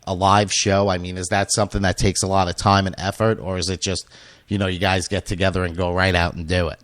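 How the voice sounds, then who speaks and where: A male radio host with a very low voice that is going hoarse. He rambles through casual questions, full of fillers and restarts. The sound is dry and close. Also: level tone, quick pace, a bit bright, dry recording. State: losing his voice. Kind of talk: casual interview chat.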